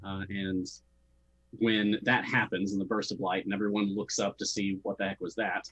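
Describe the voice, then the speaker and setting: A man with a low, somewhat husky voice narrates a tabletop game as its game master. He sets scenes and answers players in a relaxed, easygoing way, often chuckling. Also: moderate pace, low-quality recording.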